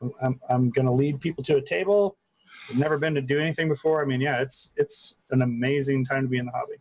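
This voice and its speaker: Friendly, halting man in chat. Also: medium pitch, a little mellow, low-quality recording. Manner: halting, repeats words, friendly. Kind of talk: casual podcast chat.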